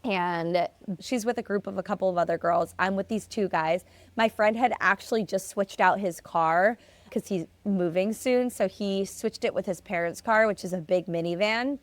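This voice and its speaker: A woman's voice: mid-range voice, normal speed, no echo. A young adult woman hosting a solo podcast, casually telling stories in a chatty way with lots of filler words. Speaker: podcast host.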